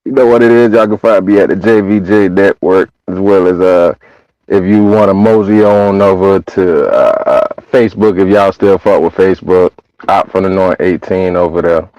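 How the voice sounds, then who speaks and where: A man's voice: low-pitched, moderate pace, dark tone, no room sound, lo-fi sound. A man joining a livestream as a guest, laid-back and slangy. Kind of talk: casual livestream chat.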